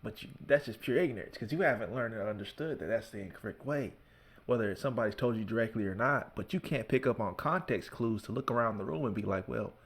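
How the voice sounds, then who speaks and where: A man's voice: on the low side, quick pace, slightly rough. A man from the United States hosting a reaction video, talking casually in a laid-back way with slang. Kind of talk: casual commentary.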